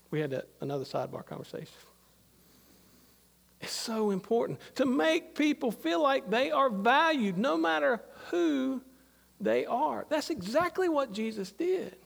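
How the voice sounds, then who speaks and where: Man, pastor, sermon, storytelling asides, gravelly voice, hall reverb. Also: very high-pitched, big pitch swings, moderate pace. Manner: conversational, anecdotal preaching with asides.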